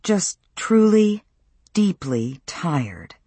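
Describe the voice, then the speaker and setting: A man narrating a novel in a measured, even storytelling voice. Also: high voice, husky, no room sound. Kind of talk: audiobook narration.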